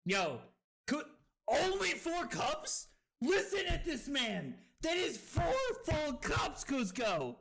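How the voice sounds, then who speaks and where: Rowdy, tipsy male streamer yelling and laughing. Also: extremely high pitch, slow pace, gravelly. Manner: excitable, shouting, laughing, swearing. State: tipsy from drinking. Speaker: streamer and host. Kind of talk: live-stream card game commentary.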